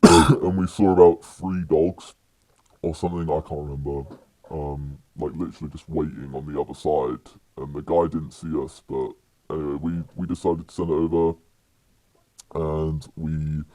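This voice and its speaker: A young man with a British accent and an extremely deep voice tells a story on a podcast. His tone is dark and mellow, and his telling rambles along with many fillers and restarts. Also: steady tone, moderate pace, no room sound. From United Kingdom. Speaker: podcast guest. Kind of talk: casual storytelling.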